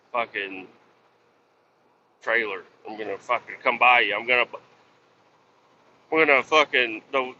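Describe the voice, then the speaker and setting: Profane ranting trucker man, bright voice. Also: mid-range voice, lo-fi sound, slight background noise. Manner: profane, ranting at other drivers. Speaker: truck driver. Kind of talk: casual driving vlog. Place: inside a truck cab on the highway.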